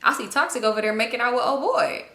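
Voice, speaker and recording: A young woman vlogger telling a storytime tale in an animated, chatty way, laughing often. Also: fairly high pitch, fast, reverberant. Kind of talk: storytime vlog.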